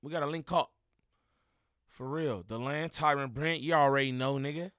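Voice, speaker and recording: Bright, forceful streamer man, dry sound. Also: fairly high pitch, normal speed, clear, resonant tone, dry recording. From Inland Empire, Southern California. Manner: slangy, loose street talk, frequent laughs. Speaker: livestreamer reacting to a video. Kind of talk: live-stream reaction and chat shout-outs.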